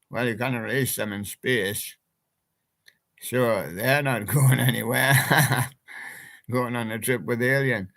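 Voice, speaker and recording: A man's voice: mid-range voice, sharp tone. A man hosting a homemade radio show, presenting toy characters' song picks with whimsical, chuckling patter. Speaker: home radio show host.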